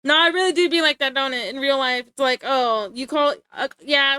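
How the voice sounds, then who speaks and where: Young female streamer, giggly and mock-tough, high pitch, dry home mic. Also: lively intonation, a little fast, pushed and bright, no echo. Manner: playful, giggly, mock-threatening. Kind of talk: casual live-stream chat.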